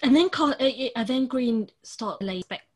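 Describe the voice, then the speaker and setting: A woman's voice: on the high side, animated, moderate pace, a little mellow. A woman co-hosting a podcast in casual chat, earnest and chatty, often trailing off and restarting. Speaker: podcast co-host.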